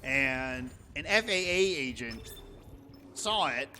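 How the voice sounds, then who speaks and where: A man's voice: mid-range voice, expressive, slow pace, bright, forceful tone, faint music behind. A man streaming live, telling a story casually, chatty and swearing freely as he acts out what people said. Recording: long reverb, faint background noise.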